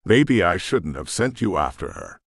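A man's voice: low-pitched, wildly swooping pitch, moderate pace, vocal fry, no echo, clean studio sound, heavily acted. A man voicing a worried woman who asks probing, challenging questions.

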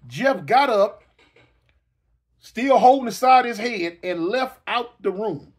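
Brief: middle-aged male storyteller, high voice, animated, hiccups. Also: slow pace. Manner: animated, repetitive, with sound effects. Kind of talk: casual storytelling.

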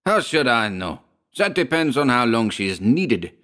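An irate village doctor barks orders in a lifted, forceful voice, played by a man reading the story. He hectors and threatens and does not joke when angry. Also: mid-range voice, very animated, normal speed, voice pushed up. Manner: commanding, hectoring.

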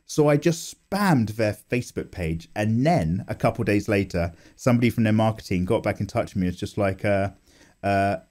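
Animated, mellow-voiced man. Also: lowish voice, normal speed. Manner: animated and self-mocking, swearing and laughing. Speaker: art YouTuber. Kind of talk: casual chat while drawing. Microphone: condenser microphone.

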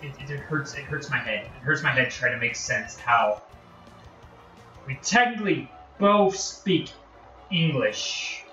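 This Northern-accented American streamer talks loosely over his game, self-deprecating and prone to wandering off topic. He sounds expressive at a medium pitch, speaking at a measured pace with long pauses and a pushed, bright tone. The lo-fi audio comes from a distant mic in a roomy setting with music playing.

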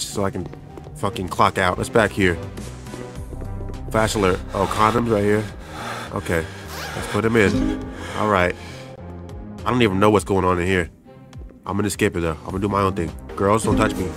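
Young dude cussing and stammering through a let's play, low voice, game music going. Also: male voice, steady tone, normal speed, pauses often. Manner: profane, stammering, joking reactions. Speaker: gaming YouTuber.

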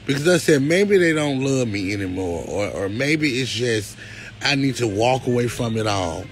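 A man's voice: mid-range voice, lively intonation, normal speed, soft background music, poor audio. A man talking to his viewers on a livestream, emotional and close to tears, with a preacherly lift. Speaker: live-stream host.

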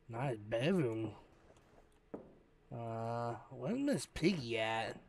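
A man's voice: mid-range voice, lively intonation, very slow, gravelly, darkish tone, a little hiss or hum. A man hosting a gaming channel, giving hyped, slangy, joking commentary while he plays a horror game. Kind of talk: let's-play commentary.

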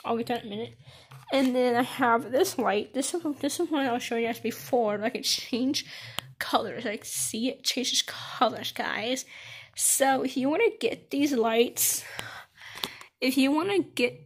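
A woman's voice: fairly high pitch, a little slow, slightly rough. A teenage girl giving a casual tour of her bedroom, rambling with lots of fillers and restarts, recorded on a handheld phone camera. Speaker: vlogger.

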